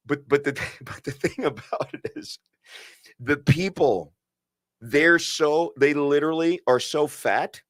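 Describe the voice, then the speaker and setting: A man's voice: mid-range voice, a bit bright, dry recording, clean studio sound. Earnest, emphatic man on a podcast. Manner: earnest and emphatic, with many restarts and asides. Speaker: podcast co-host and physician. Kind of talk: impassioned podcast conversation.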